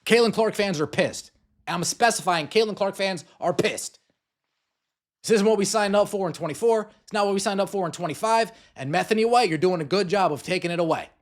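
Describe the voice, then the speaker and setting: A man's voice: sits high, fairly quick. A man hosting a podcast, delivering an angry sports rant, swearing and repeating himself. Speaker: podcast host.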